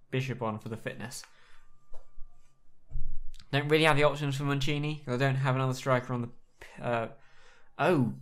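A man casually commentating on his own football management game, chatty and quick to react to every play. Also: mid-range voice. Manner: excitable, chatty, reacts aloud to the match. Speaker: gaming YouTuber playing a football management game. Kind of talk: casual live commentary on gameplay.

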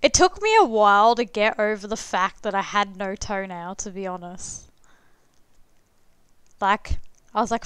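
A woman's voice: mid-range voice, expressive, a little slow, fairly bright tone, clean tone, no room sound. A young adult woman streamer telling a story casually while playing a game, chatty and swearing freely, full of "like" fillers.

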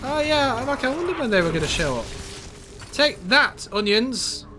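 High-voiced young man, swearing gamer. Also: sing-song, moderate pace, background noise. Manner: joking, swears a lot, narrates his own moves. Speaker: gameplay commentator. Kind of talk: casual co-op gaming commentary.

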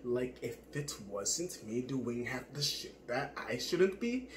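A man's voice: medium pitch, animated, slow, noisy background. A man delivering an improvised spoken-word monologue, rambling and self-searching, with frequent swearing.

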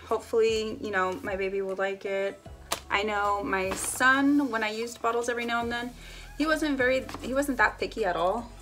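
A woman's voice: a little high, moderate pace, a bit bright, faint music behind. A young woman chatting casually as she unboxes baby samples for a family vlog, giggling now and then. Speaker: family vlogger.

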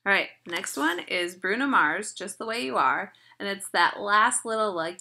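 A woman's voice: mid-range voice, normal speed, few pauses, sharp tone, a little hiss or hum. A woman vlogger in casual chat, gushing and chatty with lots of filler words.

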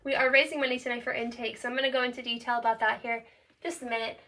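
A woman's voice: on the high side, little pitch movement, very fast, bright, forceful tone. A woman hosting a casual livestream at a cat shelter, chatty and giggly, thanking viewers by name. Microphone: phone held in hand.

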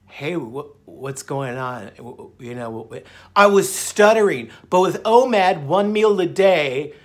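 A middle-aged man talking casually to camera in a rambling, upbeat way, now and then breaking into song. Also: sits high. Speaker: vlogger. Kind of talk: casual talk to camera, with bits sung.

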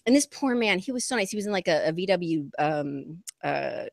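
Animated woman telling stories on a talk stream. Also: lowish voice, normal speed, vocal fry, no echo, clean studio sound. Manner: animated, acts out voices of others mid-story. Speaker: talk show co-host. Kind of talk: casual conversation.

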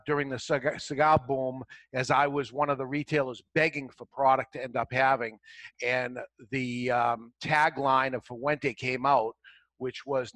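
A man's voice: medium pitch, a bit bright, no room sound. A man who runs a cigar shop, talking earnestly and reflectively as a guest on a talk show, often restarting his sentences. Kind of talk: conversational interview answers.

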